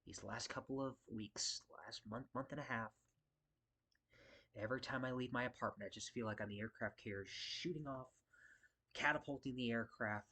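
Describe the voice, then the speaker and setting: A security guard from the Las Vegas area vents in a casual vlog, frustrated and swearing, rambling and circling back to his points. He has a lowish voice with a fairly bright tone.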